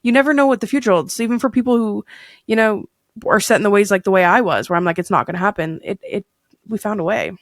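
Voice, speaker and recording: A woman's voice: mid-range voice, fast talker, dry recording, clean studio sound. A woman in her thirties chatting candidly as a podcast guest, rambling with fillers and restarts. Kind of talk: candid casual chat.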